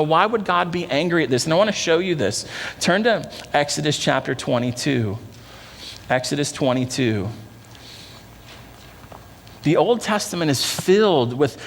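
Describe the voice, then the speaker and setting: A male pastor with a slightly higher voice delivers a sermon in an earnest, conversational manner. He sinks into low, quiet tones for emphasis. His words ring out with a long reverb from a large church sanctuary.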